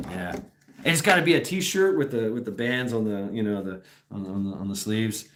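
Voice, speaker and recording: A man's voice: on the low side, a bit bright. A man talking in a casual, rambling livestream chat, restarting sentences often and chuckling as he goes. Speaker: host.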